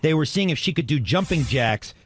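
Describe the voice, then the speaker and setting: A man's voice: a little high, lively intonation, a little fast, husky. A man eagerly telling what he witnessed in a casual studio chat.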